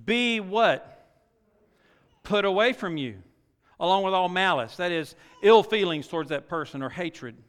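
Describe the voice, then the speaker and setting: Folksy middle-aged preacher, high bright voice. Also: male voice, clean tone. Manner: folksy, with rhetorical questions and swings from quiet asides to loud exhortation. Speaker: pastor. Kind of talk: sermon. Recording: long reverb of a large hall.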